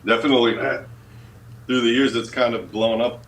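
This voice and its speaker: A man's voice: mid-range voice, fairly even intonation, moderate pace. A man from Minnesota with a Minnesota accent, a guest guitarist talking casually and laughing. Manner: laid-back, laughing, loose storytelling. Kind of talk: casual interview.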